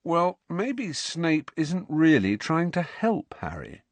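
Man playing a suspicious teen boy, slow and dark, husky, dry. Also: wildly swooping pitch, no room sound, exaggerated voice. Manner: slow, dark and low-voiced. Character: suspicious, stubborn teenage schoolboy.

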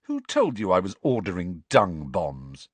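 A man voicing a shy, calm teenage schoolboy in an audiobook. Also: low voice, a little slow, breathy edge, dry recording, heavily acted. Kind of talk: audiobook character voice.

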